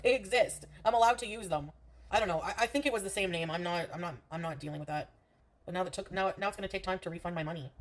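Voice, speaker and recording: A woman's voice: mid-range voice, fast. A woman streamer, from Canada, ranting in a defensive, profane way during a livestream.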